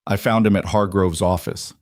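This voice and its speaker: A man voicing a steady, blunt cowboy rancher in a storybook reading, speaking in a measured, firm, plain-spoken way. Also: low-pitched, no room sound, clean studio sound, natural voice. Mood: grim.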